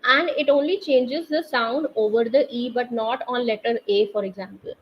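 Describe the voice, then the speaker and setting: A woman teaching a live online French class, explaining accents slowly and quizzing her students through the chat. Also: a little high. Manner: slow, patient, quizzes students via chat. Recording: slightly dull online class audio with faint noise.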